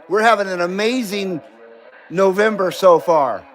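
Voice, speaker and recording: A man with a high-sitting, expressive voice hosts a casual CB radio livestream, taking his time with long pauses between thoughts. He chats loosely, laughs often and reads viewer comments aloud. The recording is rough.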